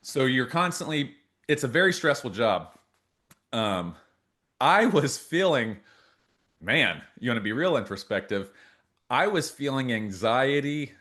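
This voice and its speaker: A man in his thirties co-hosting a podcast, telling stories in casual chat and acting out the quotes loudly. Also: medium pitch, measured pace, long pauses. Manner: animated storyteller, acts out quotes loudly. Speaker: podcast co-host.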